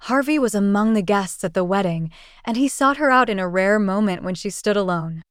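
A woman reads a period short story aloud in a measured, storytelling manner. Her voice is smooth and clean at a mid pitch. The recording is close and dry. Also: lively intonation, no echo. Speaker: narrator. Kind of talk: audiobook reading of a classic story.

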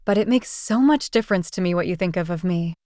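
A woman's voice: on the low side, fast talker, no room sound, clean studio sound, natural voice. A woman voicing a proud young society lady. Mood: pleading. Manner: agitated, pleading, then sharp.

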